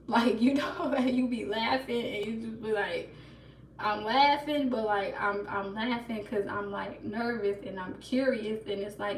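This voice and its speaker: A woman's voice: on the high side, fairly bright tone, a little hiss or hum. A woman hosting a casual livestream, chatting to viewers and laughing nervously. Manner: laughs nervously, talks to chat, restarts. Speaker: livestream host. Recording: roomy echo, mic a bit far, faint ambience.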